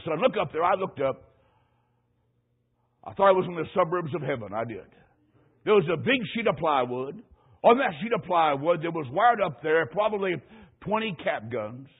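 A man's voice: high voice, husky. A man preaching a sermon and telling a story from his childhood. He speaks with emphasis, repeats phrases and often calls his listeners "my friend". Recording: tinny, phone-like narrow sound.

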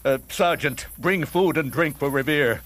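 A man's voice: a little high, measured pace, fairly bright tone, slight background noise. A man voicing an exasperated, sensible patriot leader in a cartoon, weary and reasoning.

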